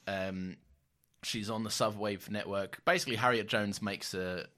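A man's voice: lowish voice, steady tone, normal speed, pushed and bright. A man co-hosting a podcast in casual chat, laughing often and restarting his sentences. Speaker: podcast co-host.

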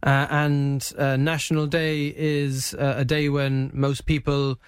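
A man presenting a radio news show, talking haltingly with many restarts and a questioning "no?". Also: medium pitch, level tone, smooth, no room sound, clean studio sound.

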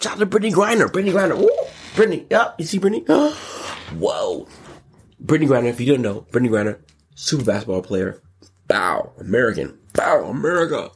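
A man hosting a casual commentary show, excitable and jokey, breaking into sudden squeals and exclamations. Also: fairly low pitch, slightly rough. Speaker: podcast host.

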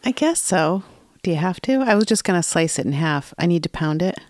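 A woman's voice: on the low side, a little fast, dry recording, clean studio sound. A woman co-hosting a podcast in casual chat, talking in a chatty, affectionate way. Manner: chatty, affectionate, lively intonation. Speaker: podcast co-host.

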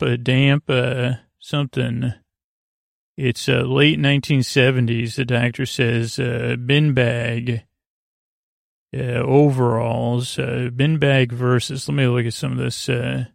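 A man hosting a podcast, recapping a TV episode in a halting, rambling way with many fillers and restarts. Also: mid-range voice, creaky, dry recording, studio quality. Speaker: podcast host.

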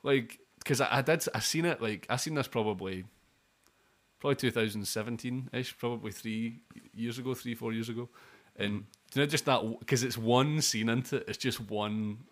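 A young man co-hosts a podcast of casual film talk, rambling, swearing, and restarting often. His voice is medium-pitched and moves at a normal speed.

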